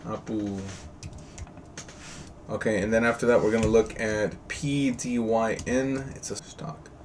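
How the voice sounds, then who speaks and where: A man's voice: lowish voice, steady tone, normal speed. A man teaching a live online class over a video call, chatty and jokey, often quizzing his students. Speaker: trading teacher. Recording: distant mic with faint noise.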